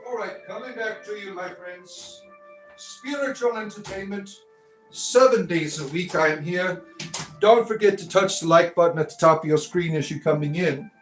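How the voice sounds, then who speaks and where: A middle-aged man hosting a casual livestream, rambling and halting with many fillers and restarts. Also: sits high, soft background music, poor audio. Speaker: livestream host.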